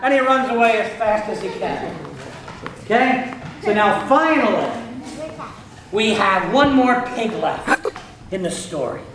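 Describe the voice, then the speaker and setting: A man's voice: high voice, expressive, measured pace, long pauses, crowd noise. A man telling a story to children in a playful manner, asking his listeners questions, heard in an echoey room with listeners around.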